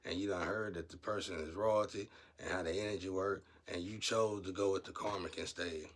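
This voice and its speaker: A man giving a casual spiritual monologue, rambling and blunt, turning preachy and loud when heated. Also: low-pitched, fairly even intonation, fairly quick, slight background noise.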